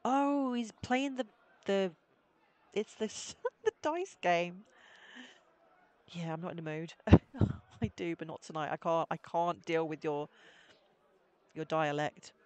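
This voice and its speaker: A woman's voice: on the low side, takes it slowly, long pauses. A woman live-streaming a story game, reading its text aloud and adding wry, laughing asides.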